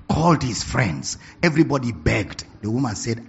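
A man preaching a sermon, telling stories with animated bursts of laughter and shouting. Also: mid-range voice, normal speed, creaky, few pauses, slight background noise. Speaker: pastor. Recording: dull lo-fi recording.

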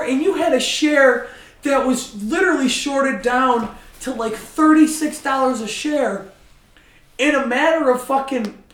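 A man with a notably high voice rants through a casual podcast chat, swearing constantly and getting heated. He sits back from the mic, so his voice carries the echo of the room. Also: distant mic. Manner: profane, ranting, heated. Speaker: podcast host. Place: room with a friend.

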